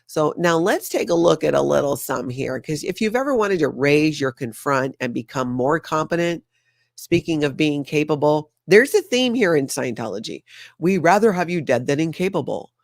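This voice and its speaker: A woman's voice: deep voice, animated, normal speed, gravelly, no echo, studio quality. Sarcastic chatty woman hosting a recap. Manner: sarcastic, chatty, talks straight to viewers. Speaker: host of a news recap channel. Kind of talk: casual livestream commentary.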